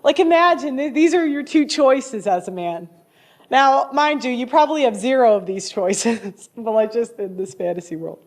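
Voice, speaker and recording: A woman's voice: on the high side, expressive, normal speed. A young adult woman hosting her own show, giving blunt opinionated commentary in a casual way, often laughing and restarting her sentences. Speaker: host.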